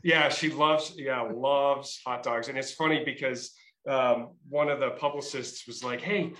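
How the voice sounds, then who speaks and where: A man's voice: mid-range voice, fairly even intonation, a little slow, a bit bright, roomy sound, low-quality recording. A middle-aged man with a Massachusetts and Rhode Island accent, a state trooper telling his story in a casual interview with many fillers and restarts.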